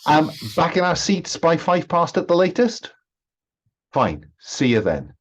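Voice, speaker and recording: A man narrating a tabletop game as game master, with many pauses and restarts. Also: a little high, big pitch swings. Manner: hesitant, many ums and restarts.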